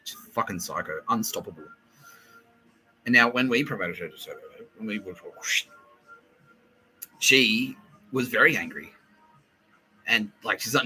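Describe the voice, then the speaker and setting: A man hosting a solo podcast, rambling excitably with lots of swearing and laughter, often acting out what others said. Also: on the low side, normal speed, pauses often, faint music behind, rough recording. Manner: excitable, profane, laughing, acts out quoted voices. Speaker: podcast host.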